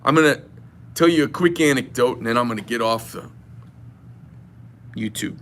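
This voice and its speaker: A man's voice: mid-range voice, normal speed, a bit bright. A man delivering an impassioned, rambling political rant to his viewers, retelling a phone call with a friend. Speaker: knife shop owner.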